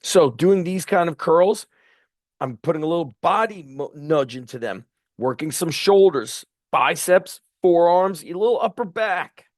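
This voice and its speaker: A middle-aged strength coach and podcast host in a blunt, profane, fired-up monologue. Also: male voice, a little high, expressive, unhurried, no room sound, clean studio sound.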